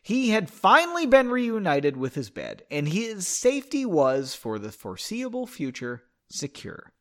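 A man's voice: high-pitched, wildly swooping pitch, a little slow. A man casually reading a story aloud, breaking off to joke, swear and find his place. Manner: joking asides, swearing, loses his place. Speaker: amateur reader.

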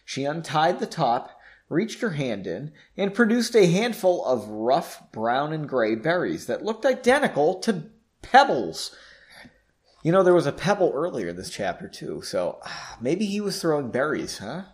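A man's voice: a little high, very animated, unhurried. A man casually reading a story aloud, breaking off for chatty, jokey asides and correcting his own slips. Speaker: reader.

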